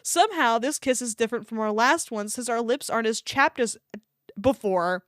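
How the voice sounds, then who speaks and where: A woman's voice: a little high, normal speed, a bit bright, no echo, studio quality. A woman streamer reading fan fiction aloud on a live stream, often breaking off to laugh and react to her chat, with a desk microphone.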